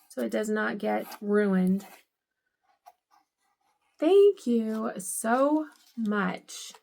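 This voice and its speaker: A woman's voice: on the high side, vocal fry. A middle-aged woman vlogger unboxing gifts, gushing and teary with emotion. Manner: gushing, emotional, tearful at times. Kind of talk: casual unboxing vlog.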